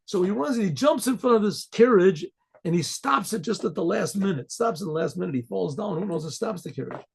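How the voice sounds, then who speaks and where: A man, a rabbi, telling a folk story in a rambling way, often clearing his throat and restarting. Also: high-pitched, expressive, brisk. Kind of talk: oral storytelling.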